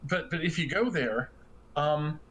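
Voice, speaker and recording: A man's voice: fairly high pitch, measured pace, a bit bright, slight background noise, rough recording. Man voicing a timid stammering peasant girl. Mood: earnest. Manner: rustic folksy talk, stammering. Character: timid young peasant girl, sheepish and frightened.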